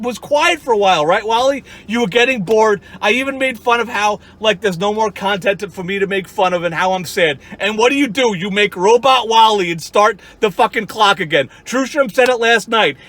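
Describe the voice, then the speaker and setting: A man's voice: sits high, fairly bright tone. A man ranting at the camera, heated and profane, addressing his critics directly with many restarts. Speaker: YouTuber. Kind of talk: angry rant to camera.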